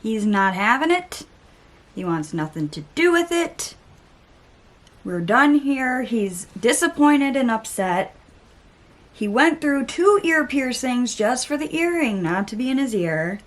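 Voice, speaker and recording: A woman's voice: on the high side, big pitch swings, unhurried. A young adult woman vlogger telling a story in casual chitchat while getting ready, with exasperated asides and mild swearing. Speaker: beauty vlogger.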